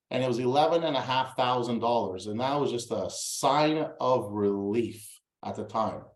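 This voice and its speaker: A man's voice: mid-range voice, echoey room, poor audio. A man from Toronto, a real estate coach, telling a personal story in a motivational style and acting out remembered dialogue with stammered restarts. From Toronto, Canada.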